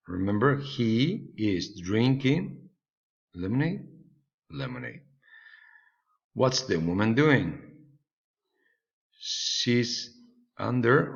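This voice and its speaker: A man's voice: on the low side, gravelly, fairly bright tone. A man whose first language is Spanish, patiently teaching an English lesson and checking in with "okay?" often. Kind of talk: recorded online English lesson. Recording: slightly dull lo-fi recording.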